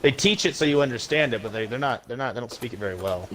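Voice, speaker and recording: A man's voice: mid-range voice, expressive, quick pace, fairly bright tone, a little hiss or hum, poor audio. A man co-hosting a podcast, talking in a rambling, opinionated casual way. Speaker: podcast co-host. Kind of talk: casual chat.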